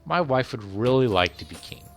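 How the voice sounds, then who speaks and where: A man's voice: medium pitch, animated, moderate pace, soft background music, lightly acted. A man voicing a meek old fisherman who speaks hesitantly and apologetically.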